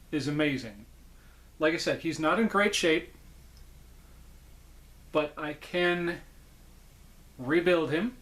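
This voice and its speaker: A man's voice: fairly high pitch, a bit bright. Enthusiastic rambling male collector. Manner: enthusiastic, rambling, self-correcting. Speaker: puppet collector, channel host. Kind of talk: casual unboxing vlog.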